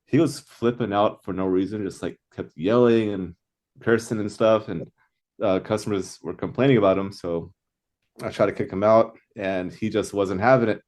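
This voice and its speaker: A man's voice: lowish voice, steady tone, moderate pace, a little mellow. A man in casual chat, laid-back, swearing casually and laughing easily.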